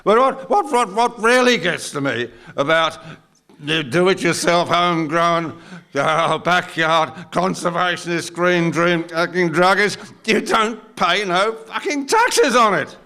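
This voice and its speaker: A man's voice: sits high, expressive, a little slow, full character voice. An older man with an Australian accent playing a belligerent, drunk male larrikin in his seventies, heckling crudely in a performance poem. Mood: mocking. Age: 70s. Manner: slurred, abusive, shouty heckling. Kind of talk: performance poetry monologue.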